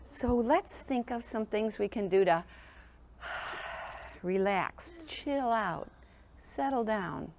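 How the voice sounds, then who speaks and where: A woman's voice: mid-range voice, expressive, slow, pauses often, a little mellow, a little hiss or hum. A woman presenting a sleep program in a school classroom, talking to young children in an encouraging, sing-song teacher manner and often checking in with them.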